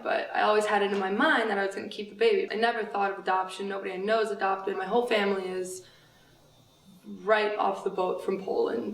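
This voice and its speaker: A woman tells her story as a birth mother in a documentary interview. Her delivery is flat and even. The mic is distant in an echoey room, with faint music underneath. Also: medium pitch.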